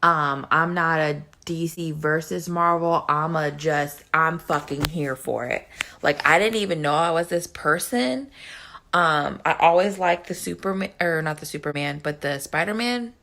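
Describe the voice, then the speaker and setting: Young woman, vlogger, casual movie rant, excitable, lots of swearing, lowish voice. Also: unhurried, creaky. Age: young adult. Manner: excitable, profane, gushing.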